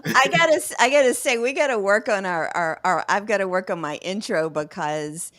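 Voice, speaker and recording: A woman's voice: mid-range voice, moderate pace, no echo. A woman with a Southern US accent, co-hosting a podcast and chatting casually with frequent laughter. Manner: laughs often, relaxed. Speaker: podcast co-host. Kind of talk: casual chat.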